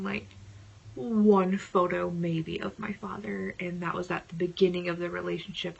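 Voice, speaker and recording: Woman telling a story in hushed tones. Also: mid-range voice, gravelly, dull audio, a little hiss or hum. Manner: dramatic, dropping into hushed whispers. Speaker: vlogger telling a personal story. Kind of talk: casual storytelling.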